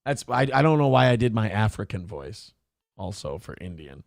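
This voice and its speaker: A man's voice: lowish voice, big pitch swings, moderate pace, vocal fry, dry recording, studio quality. A man hosting a morning show, talking in a crude, profane and mocking way as casual opinionated chat.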